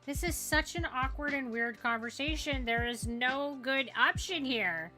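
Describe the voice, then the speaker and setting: A woman's voice: high voice, measured pace, pushed and bright. A woman playing a story game and chatting casually in awkward, chatty asides, with game music playing behind her. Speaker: game streamer. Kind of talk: let's play commentary.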